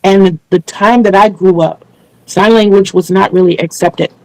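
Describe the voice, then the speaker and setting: A woman's voice: medium pitch, steady tone, normal speed, a little mellow, no room sound, low-quality recording. A woman hosting a casual video interview, speaking earnestly and explaining things at length with small restarts. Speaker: channel host interviewing a guest.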